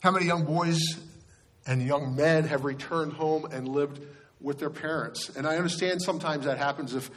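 A man's voice: fairly high pitch, steady tone, moderate pace, fairly bright tone. A male pastor giving a sermon in a conversational storytelling way, often restarting his sentences.

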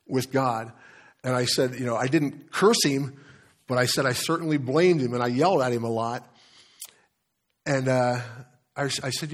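Candid pastor telling a story. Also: male voice, mid-range voice. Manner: candid, conversational storytelling with restarts. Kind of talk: sermon with personal story.

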